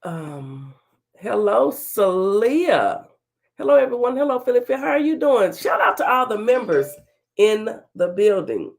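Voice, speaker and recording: A woman with a slightly high, gravelly voice hosts a relaxed livestream talk show. She chats in a folksy way and greets viewers one by one by name. Her voice is still a bit off as she gets over being sick. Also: unhurried. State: recovering from illness, voice slightly off.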